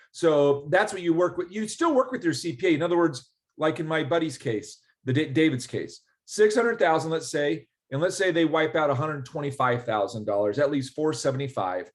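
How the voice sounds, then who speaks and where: Animated man explaining with anecdotes. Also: on the high side. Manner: animated storyteller, acts out quoted dialogue. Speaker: ERC specialist guest. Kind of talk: casual explanatory interview.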